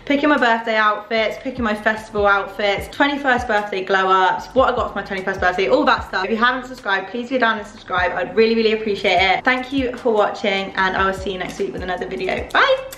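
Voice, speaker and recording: A young British woman around twenty rattles along at a fast clip, gushing and excitable as she chats through a casual try-on haul. Her voice is picked up by a camera mic in a roomy, echoey room at home. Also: mid-range voice, a little hiss or hum. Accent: British English. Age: about 20. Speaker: fashion vlogger.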